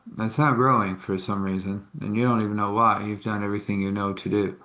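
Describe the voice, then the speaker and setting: A man's voice: lowish voice, flat delivery, fairly quick, pushed and bright. A man telling of a coaxing stranger offering a deal. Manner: persuasive, coaxing. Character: smooth-talking male stranger offering a shady deal.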